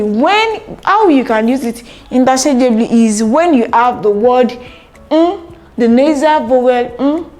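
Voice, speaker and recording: Patient woman teaching slowly. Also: fairly high pitch, darkish tone. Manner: patient, repeats each word several times. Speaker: language teacher. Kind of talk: slow lesson, repeating words and translating.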